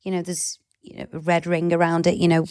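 A woman's voice: lowish voice, monotone, a little fast, dark tone, no echo, studio quality. Chatty Liverpool woman co-hosting. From Liverpool, England. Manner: chatty, teasing, sprinkles in "you know" and "like". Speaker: podcast co-host. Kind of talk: casual chat.

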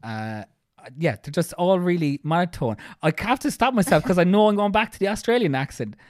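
A woman co-hosting a podcast, talking quickly and jokingly in casual chat. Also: lowish voice, animated, a little mellow, no room sound, studio quality. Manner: fast-talking, jokey, breaks into mock announcer voices. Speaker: podcast co-host.

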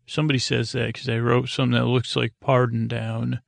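A man drones through a sleepy recap, his voice level and flat with a gravelly fry underneath. He wanders, restarts and pads his sentences with filler. The sound is dry and close, with no room around it. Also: mid-range voice, dry recording. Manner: meandering, many fillers and restarts; droning, unhurried delivery. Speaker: podcast host. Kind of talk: rambling sleep-podcast TV recap.

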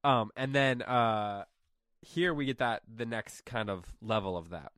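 A man's voice: mid-range voice, a little slow, a bit bright, no room sound, clean studio sound. A man hosting a casual podcast chat, rambling and chuckling as he interrupts himself. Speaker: podcast host.

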